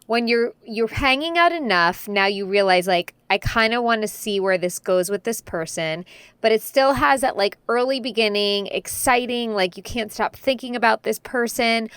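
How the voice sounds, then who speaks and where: Smooth-voiced woman giving earnest advice. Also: on the high side, normal speed, a bit bright, no room sound. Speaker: podcast co-host. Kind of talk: casual chat.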